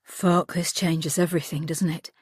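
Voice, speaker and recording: A woman's voice: low-pitched, level tone, normal speed, darkish tone, slightly rough, no echo, studio quality. A woman reading a blunt, shaken father.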